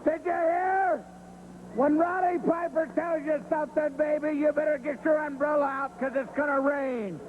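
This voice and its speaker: A taunting male wrestler threatens his rival in a very high, strained voice, dropping to hushed menace and then rising again with a cackle. It sounds like archival 1970s TV footage with a faint hiss. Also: steady tone, normal speed, phone-quality sound. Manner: taunting, cackling, swings between loud threats and hushed talk. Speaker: pro wrestler cutting a promo.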